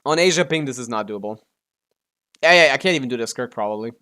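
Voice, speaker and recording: A man's voice: mid-range voice, animated, fast, pushed and bright, clear, resonant tone. A male streamer chatting casually while playing and guessing, mumbling, correcting himself, and swearing now and then. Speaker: game streamer.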